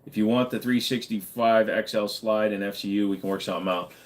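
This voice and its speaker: A man with a fairly low voice hosts a relaxed livestream. He reads viewers' questions aloud and answers with loose, joking, profane chatter. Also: brisk. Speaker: livestream host. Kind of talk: casual live chat answering viewers.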